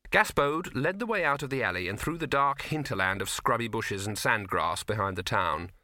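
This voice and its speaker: A man's voice: on the low side, expressive, normal speed, sharp tone, no echo. A man narrating a comic fantasy audiobook in a dry storytelling manner. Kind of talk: scripted narration.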